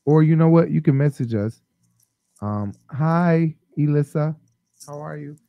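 A man hosting a casual live-stream chat, talking loosely and rambling with lots of ums, openly high. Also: fairly even intonation, unhurried, creaky, dry recording, muffled recording.

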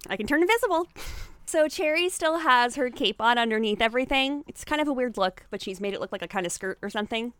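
A woman playing a tabletop game, lively and chatty. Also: fairly high pitch, quick pace, hardly any pauses, clear, resonant tone, dry recording. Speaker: player.

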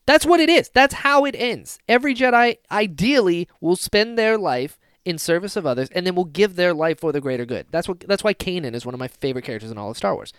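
A man co-hosting a casual fan podcast, talking excitedly and acting out scenes with sudden loud bursts. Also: high-pitched, fast talker, few pauses, clear, resonant tone, dry recording, studio quality. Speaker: podcast co-host.

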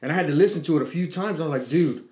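A middle-aged man telling a story in casual chat, swearing freely and acting out quotes with lively energy. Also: on the high side, rapid-fire. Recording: echoey room.

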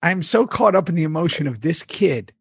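A man co-hosting a casual chat, retelling a plot excitedly, swearing freely and laughing often. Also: fairly high pitch, fairly quick, gravelly, husky, no room sound, clean studio sound. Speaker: podcast co-host, former cast member.

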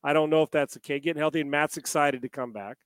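A man's voice: fairly high pitch, steady tone, fast, a bit bright, clear, resonant tone, dry recording. A man co-hosting a casual sports talk show, rambling and firing off rhetorical questions.

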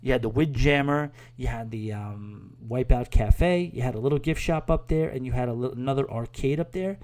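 A man's voice: mid-range voice, normal speed, darkish tone. A man hosting a podcast, giving a casual spoken review in a rambling, chatty way with lots of fillers and restarts. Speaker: podcast host.

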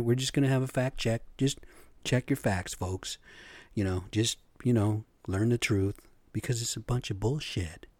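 Talking directly to his audience, a middle-aged solo podcast host rants opinionatedly, bluntly and profanely, sounding exasperated. The sound is clean studio audio with no room sound, and his mid-range voice carries a warm tone.

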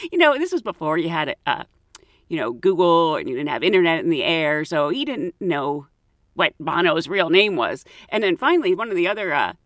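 A woman who is a flight attendant and podcast host, telling travel stories in a lively way and acting out the voices of people in them. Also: lowish voice, no room sound, clean studio sound. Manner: animated, acts out quoted voices with laughs. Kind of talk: casual anecdotal storytelling.

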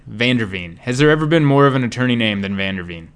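A young man chats through his solo comedy podcast in a loose, rambling way. His delivery is jokey and sarcastic, with his voice jumping high and loud, then dropping low and quiet as he riffs. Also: sing-song, fast, few pauses. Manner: wide swings in pitch and loudness. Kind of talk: casual solo podcast monologue.

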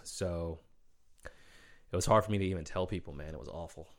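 A man's voice: low voice, normal speed, vocal fry. A man from Minnesota hosting a podcast, telling a story in loose, chatty talk and often calling people "man" and "bro". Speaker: podcast host. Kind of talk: casual solo storytelling.

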